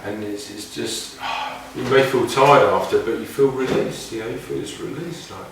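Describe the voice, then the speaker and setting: A man's voice: mid-range voice, normal speed, vocal fry, slight background noise. A man telling casual, meandering anecdotes in a reflective way. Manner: meandering, reflective, with many restarts. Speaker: didgeridoo player sharing stories. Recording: very echoey room, mic far off.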